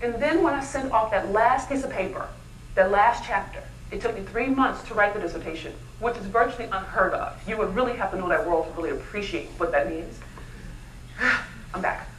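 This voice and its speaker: A woman giving a motivational keynote speech at a luncheon, animated and constantly asking the audience questions. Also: medium pitch, a little fast, a little hiss or hum. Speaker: keynote speaker. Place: luncheon event hall. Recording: echoey hall, mic from far off.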